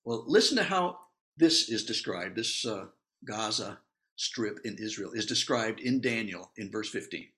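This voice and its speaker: A man's voice: lowish voice, unhurried. A man teaching through a Bible passage in a conversational way, with asides, laughs and acted-out quotes. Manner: animated, acts out quotes.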